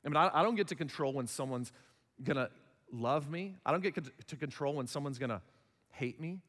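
A man's voice: fairly high pitch, brisk, a bit bright. Man, 30s, pastor, sermon, conversational, acts out dialogues, echoing hall. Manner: conversational, acts out little dialogues in other voices.

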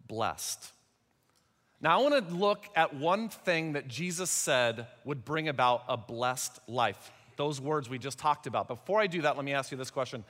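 A man's voice: fairly high pitch, a bit bright. A middle-aged man preaching a sermon in a conversational, joking way, putting rhetorical questions to the congregation. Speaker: pastor. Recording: long hall reverb.

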